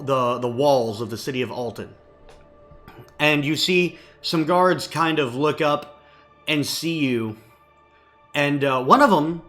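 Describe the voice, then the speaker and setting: A man's voice: on the high side, fairly bright tone. A man narrating a tabletop game as game master in an easygoing, hesitant way.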